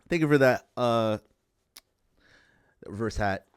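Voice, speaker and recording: A man with a somewhat high voice hosts a casual livestream podcast. He talks loudly and with a lot of animation. He circles back on his own phrases as he chats with his viewers. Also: normal speed. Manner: loud, animated, repeats himself. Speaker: podcast host.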